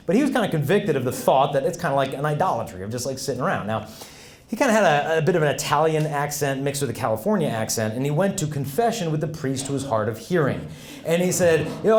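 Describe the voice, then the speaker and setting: A man's voice: medium pitch, animated, fast talker, darkish tone, roomy sound. A man giving a humorous faith talk to students, telling stories with voiced quotes and laughter. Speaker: Catholic speaker. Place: large hall with audience.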